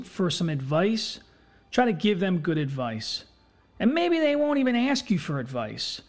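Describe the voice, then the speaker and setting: A man hosting a podcast, talking in a candid personal monologue, blunt, earnest and full of swearing. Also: high voice. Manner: blunt and heavily profane; impassioned, earnest. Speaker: podcast host.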